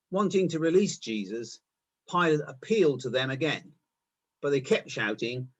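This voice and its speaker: A man reading a Bible passage aloud in an expressive, animated way. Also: mid-range voice, a little slow, pauses often. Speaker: scripture reader.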